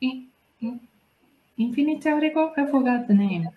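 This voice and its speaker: A woman's voice: high-pitched, moderate pace, echoey room, phone-quality sound, slight background noise. A Japanese woman speaking English with a Japanese accent, hosting a casual study chat and prompting her guest with encouragement. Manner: prompting, encouraging, laughs often. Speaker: host and English learner.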